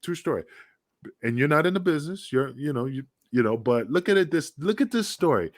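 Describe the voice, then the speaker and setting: A man's voice: fairly high pitch, lively intonation, quick pace, dry recording, clean studio sound. A middle-aged man, a former pro wrestler, telling rambling, profane backstage stories in a casual podcast chat. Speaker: retired pro wrestler guest.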